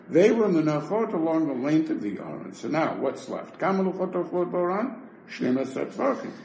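A man teaching a Talmud class, rapidly reading Hebrew and Aramaic text and explaining it in English. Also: fairly high pitch, a little mellow. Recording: echoey room with faint noise.

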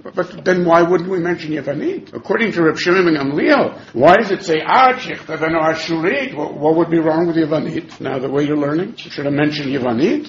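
Man teaching Talmud in lively sing-song. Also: a little high, slight background noise. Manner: sing-song study cadence, mixing English with Hebrew and Aramaic terms. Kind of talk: Talmud study class. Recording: echoey room, dull lo-fi sound.

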